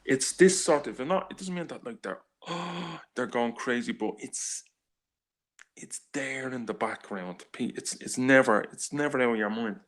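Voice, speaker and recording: A man in his forties with a Dublin accent, chatting casually as a panelist on a live stream, talking in halting, rambling bursts with many restarts. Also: medium pitch, fairly bright tone. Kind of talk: casual chat.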